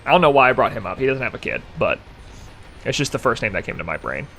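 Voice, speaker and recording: A man's voice: mid-range voice, very animated, quick pace, sharp tone, a little hiss or hum. A young man chatting casually with his live-stream chat, rambling and joking as he reads messages aloud.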